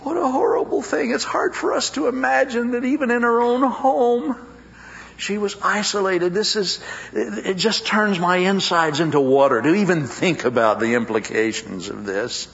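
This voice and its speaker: A man's voice: high voice, moderate pace, creaky, a bit bright, lo-fi sound. A male preacher delivering a sermon to a congregation, drawing out phrases for dramatic emphasis. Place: church service with a congregation.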